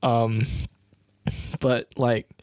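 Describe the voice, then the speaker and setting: A young Australian man chatting on a podcast, rambling with lots of fillers and getting animated. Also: medium pitch, drawn-out words, dry recording. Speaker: podcast host. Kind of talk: casual chat.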